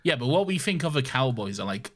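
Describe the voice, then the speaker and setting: Male podcast co-host, playful recap chat, animated pitch swings, laughs a lot. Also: quick pace. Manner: playful, laughs often, does cowboy impressions. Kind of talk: casual chat recapping an episode.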